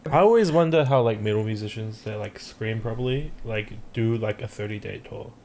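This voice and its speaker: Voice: mid-range voice, brisk, dark tone. A podcast co-host, chatting casually in a laid-back way. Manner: laid-back, says "bro". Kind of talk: casual chat. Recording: faint background noise.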